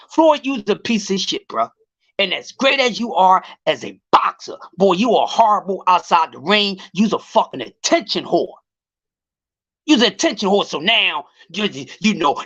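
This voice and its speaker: A man's voice: high-pitched, a bit bright, slightly rough, muffled recording. A man ranting on a casual livestream about boxing, profane and heated, often stretching and repeating words as he builds his point. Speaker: boxing commentary vlogger.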